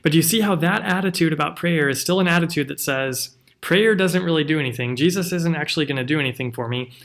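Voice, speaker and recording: A man's voice: fairly high pitch, fast talker, a bit bright. A man, a pastor, giving an earnest, conversational devotional teaching with rhetorical questions.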